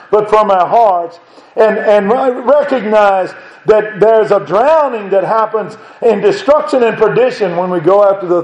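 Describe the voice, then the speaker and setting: A man's voice: high voice, darkish tone. A man preaching a sermon in a church, rising to emphatic exhortation as he drives his points home. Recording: echoey room.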